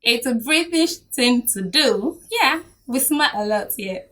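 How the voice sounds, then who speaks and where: A woman's voice: fairly high pitch, a little slow, few pauses, recorded from a distance. Chatty Nigerian woman vlogger. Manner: chatty, animated, laughs often. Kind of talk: casual talk to camera.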